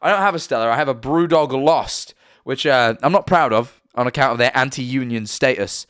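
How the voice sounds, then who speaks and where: A man's voice: mid-range voice, normal speed, fairly bright tone, smooth, no room sound, clean studio sound. A young man with a British accent, chatting casually on a live stream and often correcting himself as he rambles. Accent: British English.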